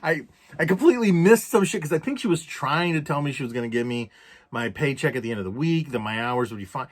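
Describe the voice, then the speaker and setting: A man vlogging a casual story, swearing a lot and loudly acting out his own past rants. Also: mid-range voice, fast. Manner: profane, animated, acts out quoted rants loudly.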